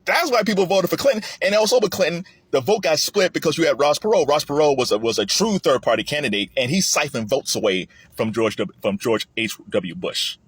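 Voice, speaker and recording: A man giving a casual political commentary monologue, animated and often restarting his sentences. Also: brisk, few pauses, slightly rough, dry recording. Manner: animated, rising high when emphatic, with frequent restarts. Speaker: commentary vlogger.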